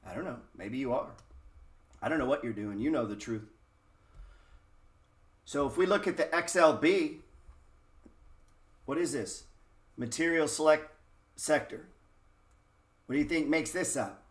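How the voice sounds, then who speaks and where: A man's voice: fairly high pitch, lively intonation, a little slow, long pauses. A man giving a casual, blunt market lesson over a screen share, swearing often and firing rhetorical questions at viewers. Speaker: trading educator. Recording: roomy echo.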